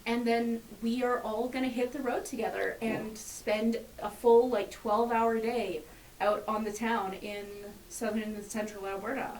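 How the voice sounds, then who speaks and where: A woman chatting eagerly and at length as a guest on a casual radio show, with bursts of excitement. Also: a little high, unhurried, distant mic. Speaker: guest from a pagan association. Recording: echoey room, somewhat off-mic, faint hiss.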